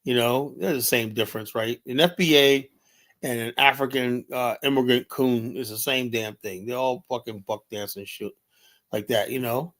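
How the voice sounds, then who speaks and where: A man's voice: medium pitch, steady tone, moderate pace, fairly bright tone. Middle-aged male streamer, mid-range voice, rambling profane rants, leans on "you know" constantly. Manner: blunt and heated. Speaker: livestream host. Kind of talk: unscripted livestream commentary.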